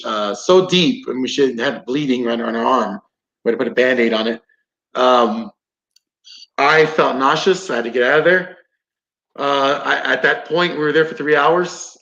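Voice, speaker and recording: A combatives instructor guests on a podcast, speaking at medium pitch in a slightly bright voice. He tells a story in a casual manner, full of swearing and quotes he acts out, over roomy, dull lo-fi audio.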